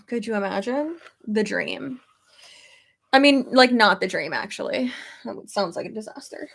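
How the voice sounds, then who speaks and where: A young streamer who is pregnant shares animated stories in a chatty, profane way, laughing often. Her mid-range voice is creaky and husky, delivered at a moderate pace.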